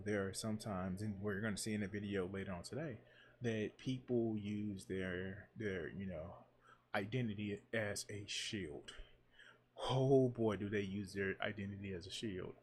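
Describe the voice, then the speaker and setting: A man in a reaction commentary, talking in an animated, sarcastic way and mocking the people in the clips. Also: fairly low pitch, husky. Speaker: commentary streamer.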